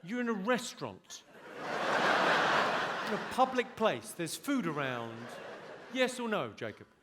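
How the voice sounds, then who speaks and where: High-voiced comedian onstage. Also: male voice, big pitch swings, measured pace, heavy background noise. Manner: dry, mock-stern lecturing of an audience member. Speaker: stand-up comedian. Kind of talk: stand-up comedy set. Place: large theater stage. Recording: live show with loud crowd laughter.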